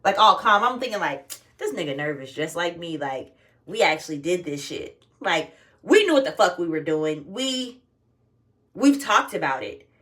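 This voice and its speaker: A woman's voice: fairly low pitch, sing-song, normal speed, fairly bright tone, recorded from a distance. A young woman talking casually and candidly to her phone camera at home, swearing freely as she tells a personal story. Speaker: vlogger.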